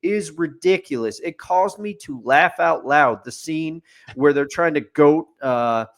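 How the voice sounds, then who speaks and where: A man's voice: on the high side, measured pace. A man co-hosting a podcast, giving an opinionated, rambling movie review in casual chat with fillers and restarts. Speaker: podcast co-host. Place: studio.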